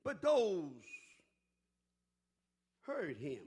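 Male preacher hollering a sermon, high and husky, voice all over the place, aave. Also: wildly swooping pitch, drawn-out words. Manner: shouting, whooping preaching with call-and-response.

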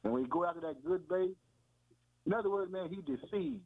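A man's high, creaky voice moves a little fast with lively intonation as he gives a relaxed, folksy sermon. He repeats points and often calls listeners "man" and "boy," all over thin, phone-like radio audio.

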